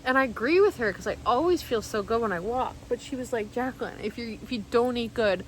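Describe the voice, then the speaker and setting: Rambling, heartfelt woman vlogger, higher voice. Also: lively intonation, a little fast, slight background noise, rough recording. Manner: rambling, heartfelt, heavy use of "like" and restarts. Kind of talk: candid personal storytelling to camera.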